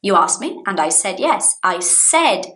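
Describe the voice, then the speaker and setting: Brazilian woman teaching English, lively. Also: mid-range voice, a little slow. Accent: Brazilian Portuguese. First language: Portuguese. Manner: animated, acts out example sentences. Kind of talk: casual online lesson.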